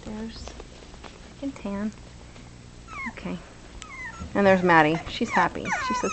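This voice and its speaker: Filming her litter of puppies at home, this woman talks casually and baby-talks to them in a mid-range voice whose pitch swoops wildly. She speaks a little slowly, with long pauses. The home video was captured on a camera mic amid loud background noise.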